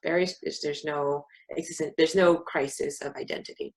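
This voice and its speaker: A woman's voice: deep voice, steady tone, moderate pace, poor audio. A young woman from California, talking candidly on a casual podcast with a sarcastic edge. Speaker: podcast co-host. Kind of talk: casual conversation.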